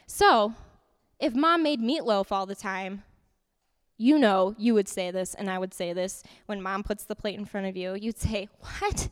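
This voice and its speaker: A woman giving an interactive youth sermon in a church hall, lively and repeating her points to keep the group's attention. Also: medium pitch, smooth. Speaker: youth teacher. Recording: long hall reverb.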